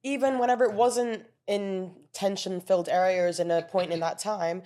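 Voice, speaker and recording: A woman's voice: mid-range voice, steady tone, moderate pace, mellow. A woman being interviewed who talks casually and earnestly, explaining things at length and restarting her sentences. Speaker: interview guest. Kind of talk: casual conversational storytelling.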